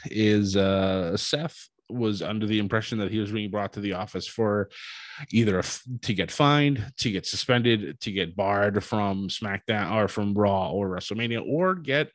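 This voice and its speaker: A man recapping a wrestling show in a casual, animated storytelling way, acting out what people said. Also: on the low side, a little slow, no echo. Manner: animated storytelling, acts out quotes.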